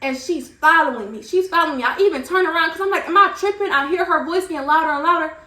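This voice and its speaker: Bright, lively young woman telling a story. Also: very high-pitched, fast talker, reverberant. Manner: animated, slangy retelling. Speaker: vlogger. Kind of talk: storytime vlog.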